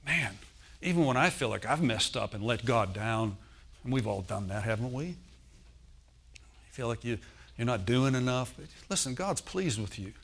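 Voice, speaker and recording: A man's voice: mid-range voice, lively intonation, moderate pace, vocal fry. Man preaching a sermon with sudden swells. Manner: preaching with call-and-response asides; swings from loud emphasis to soft intimate tones. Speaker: pastor.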